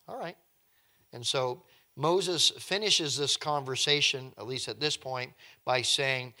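A man's voice: medium pitch, takes it slowly, sharp tone. A male preacher giving a conversational Bible teaching, reading scripture aloud and breaking in with wry, joking asides.

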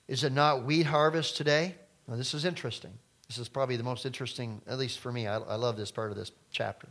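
Conversational preaching man with loud bursts. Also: medium pitch, fairly even intonation, fast talker. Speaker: pastor. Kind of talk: sermon.

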